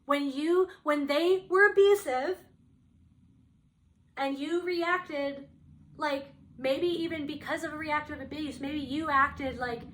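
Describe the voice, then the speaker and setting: A woman's voice: sits high, fairly even intonation, slow pace. A young woman giving a casual spiritual tarot reading, talking earnestly in a rambling way with many fillers. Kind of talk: casual channeled reading to camera.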